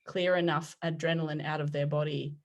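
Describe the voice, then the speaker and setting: A woman in her forties, a podcast guest telling personal stories in an animated way, often laughing and acting out what people said. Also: low-pitched, brisk, dull audio, background noise. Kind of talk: conversational storytelling.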